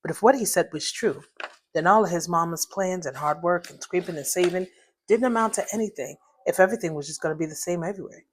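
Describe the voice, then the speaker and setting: Author reading her own fiction at home: lowish woman's voice, chatty asides between passages. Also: fast talker, slight background noise. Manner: chatty, laughs at her own typos and stumbles. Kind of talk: reading aloud with casual asides. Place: living room at home.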